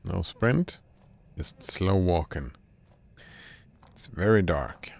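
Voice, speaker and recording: A man streamer reading a video game's dialogue aloud in a deadpan, unhurried way. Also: sits low, creaky.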